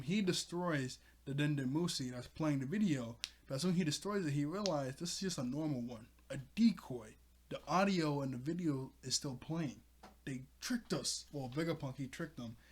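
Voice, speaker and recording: A man giving a casual, rambling recap of a manga chapter, chuckling as he goes. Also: mid-range voice. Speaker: manga reviewer.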